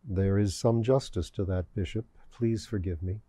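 A man voicing a gentle, guileful demon priest who speaks softly and consolingly to an old friend in a storybook reading. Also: lowish voice, normal speed, breathy edge, dry recording, voice pushed down. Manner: soft, consoling.

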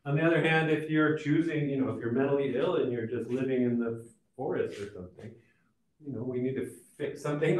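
A man lecturing on sociology in a relaxed, conversational way, with frequent fillers and restarts. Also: on the high side. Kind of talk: recorded college lecture. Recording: echoey room, mic at a distance.

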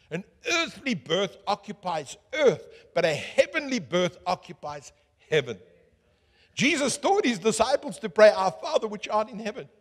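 A man preaching a sermon as pastor, swinging from booming calls to hushed asides and asking the crowd questions. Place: church hall. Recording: echoey church hall.

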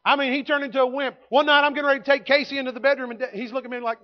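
A man, preaching a sermon in a folksy storytelling way that swings from loud to hushed. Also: extremely high pitch, fairly even intonation, racing, hardly any pauses, lo-fi sound. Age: 50s. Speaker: pastor. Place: church sanctuary.

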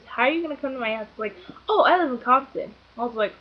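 Young woman, casual storytelling, rambling, giggly, slightly high voice, dull lo-fi recording. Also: fast, slight background noise. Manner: rambling, filler-heavy, giggly. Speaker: vlogger.

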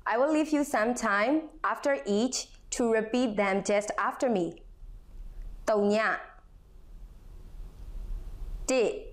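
Slow, patient woman teaching a language. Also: on the high side. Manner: repeats words slowly, encouraging learners.

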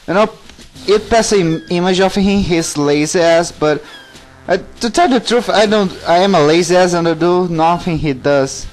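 A man narrates his game in a jokey, self-mocking way. His voice sits high for a man, with faint music behind him. He talks in halting bits. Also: rough recording. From Brazil. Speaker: let's play commentator. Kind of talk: casual game commentary.

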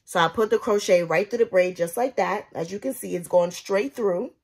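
A woman's voice: mid-range voice, moderate pace, darkish tone, breathy edge. A young woman vlogging casually at home as she does her hair, chatting to her viewers in a slangy, direct way while filming on a propped-up phone. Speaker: beauty vlogger. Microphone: phone propped up nearby.

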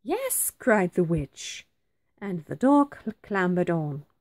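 A woman reading a rhyming picture book aloud, like a teacher, in a very expressive and clearly phrased way. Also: fairly low pitch, takes it slowly. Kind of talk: storybook read-aloud.

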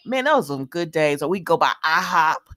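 Lady in her 30s gabbing about her soap, lively, lots of laughs, talks to y'all. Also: sits low, a little fast. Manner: animated, chatty, addresses listeners as y'all, laughs often. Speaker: soap opera recap host. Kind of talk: casual chatty recap.

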